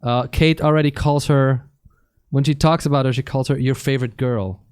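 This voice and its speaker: A man's voice: mid-range voice, fairly even intonation, moderate pace, a little mellow, clear, resonant tone, no room sound, clean studio sound. A young man, a native Swiss German speaker from Switzerland, chatting casually with his live-stream viewers in a loose, joking way with casual swearing.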